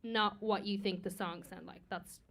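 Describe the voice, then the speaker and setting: A woman judging a singing contest, speaking in a candid, chatty way that turns loud and excited, with frequent laughter. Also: mid-range voice, normal speed, slight background noise. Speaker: singing competition judge. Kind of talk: casual spoken critique. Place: community music venue.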